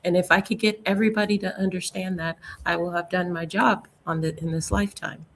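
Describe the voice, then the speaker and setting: A woman's voice: lowish voice, fairly even intonation, fairly quick, a little hiss or hum. A woman speaking earnestly and emphatically in a live online panel chat. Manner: earnest, emphatic, spiritual talk.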